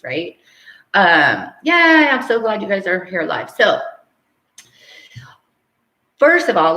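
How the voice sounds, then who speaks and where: A woman hosting a casual live stream, teaching and reading out viewer comments, chatty and quick to laugh. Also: medium pitch, bright, forceful tone. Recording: roomy echo.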